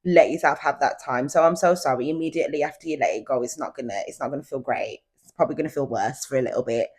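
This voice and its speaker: A woman's voice: a bass voice, fast, darkish tone, slightly rough. A young woman hosting her own podcast at home, talking casually and confidingly straight to her listeners. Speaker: podcast host. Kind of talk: casual solo podcast chat. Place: at home, indoors.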